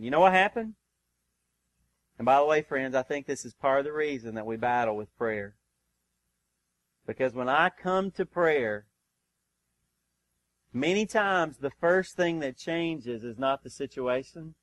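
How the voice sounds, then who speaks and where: A man preaching a sermon as pastor. He presses his congregation with questions, calls out "Amen?", and moves between urgent, loud stretches and hushed, slow ones. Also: high voice, dry recording, low-quality recording. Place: church sanctuary.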